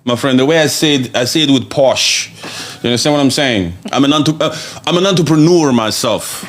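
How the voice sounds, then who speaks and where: A man's voice: mid-range voice, brisk. Blunt, mocking male podcast host. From outside South Africa. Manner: blunt and mocking, swears, talks in emphatic repetitions. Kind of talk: opinionated podcast rant.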